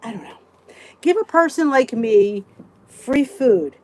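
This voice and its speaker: A woman's voice: a little high, expressive, slow, a little mellow, rough recording. A woman in her fifties hosting a casual live support chat, ranting and talking straight to her viewers, greeting them by name. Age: 50s.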